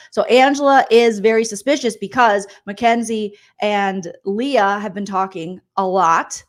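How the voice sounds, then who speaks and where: A woman comedian recapping reality TV in an animated, gossipy, sarcastic way. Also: medium pitch, measured pace, few pauses. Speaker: comedian host.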